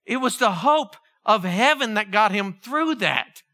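A man delivers a sermon in a high, strikingly bright and forceful voice that rises and falls widely. He swings between loud, impassioned exclamations and quiet, earnest reflection. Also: animated, measured pace. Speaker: preacher.

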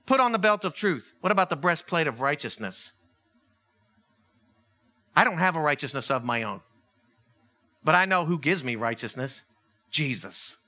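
A man preaching a sermon as pastor, conversational and animated, acting out little dialogues. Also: sits high.

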